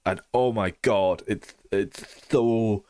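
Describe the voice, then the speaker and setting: A man's voice: fairly low pitch, slow, darkish tone, smooth. A young man giving a blunt, sarcastic and sweary review of a TV show in a casual, opinionated way.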